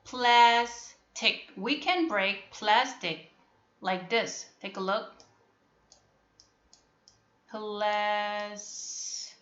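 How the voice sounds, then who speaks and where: A woman teaching a phonics lesson online, talking slowly and patiently and repeating her questions to prompt the students. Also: mid-range voice, animated, bright, forceful tone, echoey room, lo-fi sound. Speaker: English teacher.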